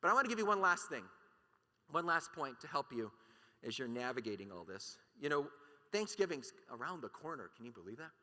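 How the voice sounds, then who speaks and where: A man's voice: mid-range voice, big pitch swings, a little fast, pushed and bright. A man giving an impassioned keynote talk at a conference, emphatic and full of rhetorical questions. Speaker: conference speaker. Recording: long hall reverb.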